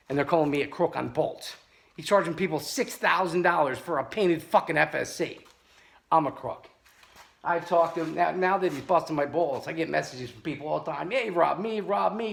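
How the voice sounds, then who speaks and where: A man's voice: fairly high pitch, creaky, fairly bright tone. A man who sells and tests pepperball guns, ranting angrily and with heavy swearing about a rival seller. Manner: angry, profane, sarcastic ranting. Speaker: pepperball gun seller and reviewer. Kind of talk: ranting while test firing.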